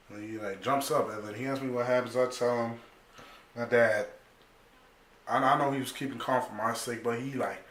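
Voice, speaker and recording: Animated young man telling a story in an echoey room. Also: mid-range voice, slight background noise. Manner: animated and profane, full of slang, acting out other people's lines. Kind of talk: casual storytime monologue.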